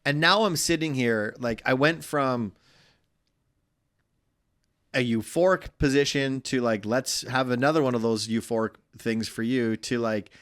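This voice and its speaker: Man, thirties, mid-pitched voice, teasing banter, dry close mic. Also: measured pace, fairly bright tone, no echo. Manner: teasing, argumentative, swearing. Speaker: podcast co-host. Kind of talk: candid couple's chat.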